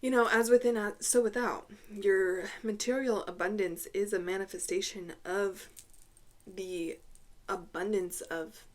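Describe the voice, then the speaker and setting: A woman giving an intuitive tarot reading to camera, speaking haltingly, repeating words, clearing her throat, and dropping to a hushed voice when she names cards. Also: mid-range voice, fairly even intonation. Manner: soft, hushed drops when naming cards. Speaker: tarot reader.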